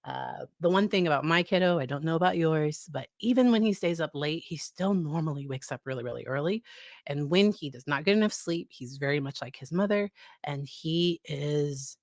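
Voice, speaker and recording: A woman's voice: low voice, lively intonation, normal speed, a little mellow, no room sound, clean studio sound. A woman psychologist talking casually about parenting, often laughing and acting out exchanges with her child. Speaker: psychologist host. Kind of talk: casual educational talk.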